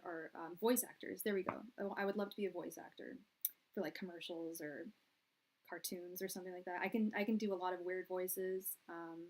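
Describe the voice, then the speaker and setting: Soft-voiced woman hosting a tarot live stream. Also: on the low side, rough recording. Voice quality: soft, soothing voice. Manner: relaxed and chatty, with many fillers and restarts. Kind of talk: casual live-stream chat. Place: a room at her parents' house. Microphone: quiet, low-level live-stream audio.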